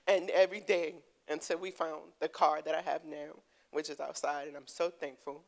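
A woman giving a heartfelt personal testimony to her church, earnest and quick to laugh. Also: deep voice, rough recording. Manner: earnest, laughing, breaks into excited storytelling. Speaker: congregation member giving testimony. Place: church sanctuary.

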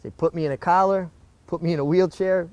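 A man's voice: high voice, brisk, no echo, dull audio. A middle-aged man, a former jockey telling stories in a casual interview, with frequent restarts. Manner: animated storyteller with frequent restarts.

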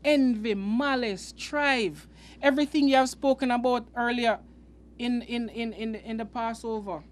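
Male preacher-host, high-pitched, earnest, halting delivery with frequent restarts. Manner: halting, repeats words, earnest and emphatic. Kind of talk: unscripted Bible teaching.

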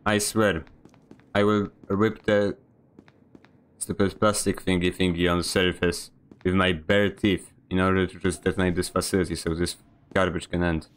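A man's voice: sits low, little pitch movement, moderate pace. A man streaming a video game, giving a sarcastic, grumbling running commentary. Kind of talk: live gameplay commentary.

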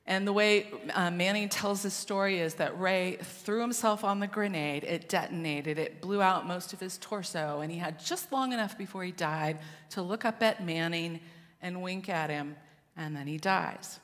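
Woman pastor preaching with dramatic hushes. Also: on the low side, normal speed, in a large hall. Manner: dramatic, shifts between loud and hushed. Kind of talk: sermon storytelling. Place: church sanctuary.

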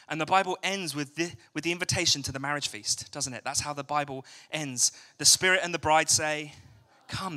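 Bright-voiced English preacher. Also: male voice, fairly high pitch. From England. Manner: chatty, jokey, asks the crowd questions. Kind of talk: evening church sermon. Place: church hall.

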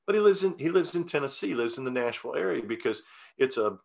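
A man telling stories in a relaxed interview, folksy and rambling, with many restarts and fillers. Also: medium pitch, quick pace, gravelly. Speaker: guest singer-songwriter. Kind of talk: casual interview storytelling.

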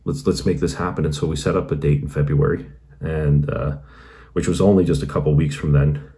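A man with an extremely deep voice and a dark, mellow tone tells his own conversion story for his channel. He talks in an earnest, meandering way and leans often on "you know". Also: steady tone, a little fast. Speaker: channel host.

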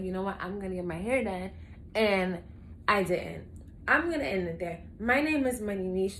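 A young woman talking in a casual confessional vlog, blunt and swearing, acting out her own lines as she tells stories. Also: medium pitch. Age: young adult. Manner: animated storytelling, acting out her own quotes. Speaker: vlogger. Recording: echoey room with faint ambient noise.

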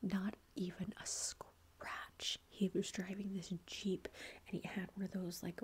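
Breathy whispering woman, rambling ASMR chat. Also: mid-range voice, flat delivery, a little slow. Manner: rambling storytelling with many fillers. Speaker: ASMR creator.

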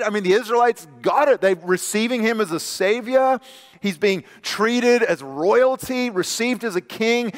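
A male pastor preaching a sermon in a conversational way, stumbling and restarting, then dropping soft and quiet for scripture. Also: high-pitched. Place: church sanctuary. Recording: long church hall reverb.

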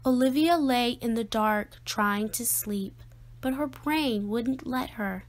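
A woman reading a children's picture book aloud in a slow, expressive, sing-song way. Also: on the high side. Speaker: storyteller.

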